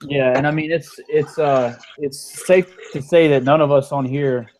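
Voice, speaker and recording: A man's voice: a little high, steady tone, normal speed, a little mellow, a little hiss or hum, poor audio. A man speaking thoughtfully and hesitantly, with many fillers, in a casual online group chat. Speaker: chat participant.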